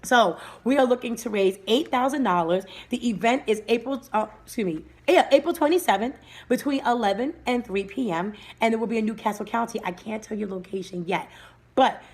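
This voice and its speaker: Upbeat woman giving a motivational livestream talk. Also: a little high. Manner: energetic, greets viewers by name mid-talk. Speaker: livestream host and motivational speaker. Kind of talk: live-streamed motivational talk.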